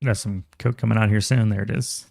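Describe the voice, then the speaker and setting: A man's voice: fairly low pitch, fairly even intonation, fairly quick, vocal fry, a little mellow, no echo. A man casually commentating on a game while streaming, chatty, thinking aloud and reading chat aloud.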